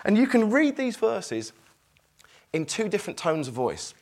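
A man's voice: sits high, big pitch swings, normal speed, darkish tone. A middle-aged man preaching a sermon, reading scripture aloud and acting out its tone with emphasis.

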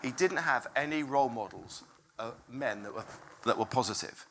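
Animated, bright-voiced preacher. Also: medium pitch, moderate pace, slight background noise. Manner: animated, chatty, self-interrupting, laughs often. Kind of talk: informal sermon storytelling. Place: room with a congregation.

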